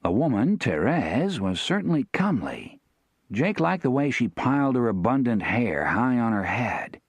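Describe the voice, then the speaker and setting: A man's voice: mid-range voice, normal speed, slightly rough, no echo. Man narrating a western audiobook. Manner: steady, expressive storytelling.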